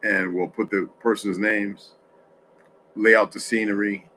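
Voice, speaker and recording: A man hosts a casual livestream from home, sleepy and yawning, rambling with many restarts and asides to chat. His lowish voice is bright and forceful but shows little pitch movement, and he's unhurried; the low-quality audio has a little hiss or hum.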